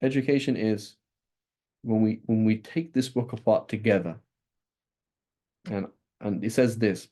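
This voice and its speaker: A man teaching a class on Islamic texts, talking in a lively, conversational way with frequent "right?" checks and restarts. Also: lowish voice, measured pace, long pauses.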